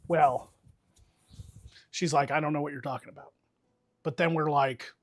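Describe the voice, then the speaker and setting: A man's voice: fairly high pitch, a bit bright, slightly rough, no echo, studio quality. A man casually telling a long, profane story to friends on a stream, talking with lots of energy.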